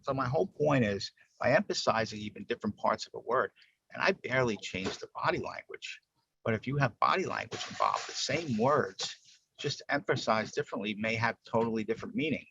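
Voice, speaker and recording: A man's voice: medium pitch, animated, fairly quick, vocal fry, fairly bright tone, husky, highs cut off. A man leading a workplace training workshop over a video call, explaining points casually and checking in with "right?". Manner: talks things through, asks "right?" often.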